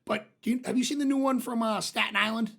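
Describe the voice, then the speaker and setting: A man's voice: extremely high pitch, fairly even intonation, quick pace, vocal fry, fairly bright tone. A man co-hosting a podcast, telling rowdy stories in casual chat and swearing a lot. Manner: profane, rowdy storyteller. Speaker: podcast co-host.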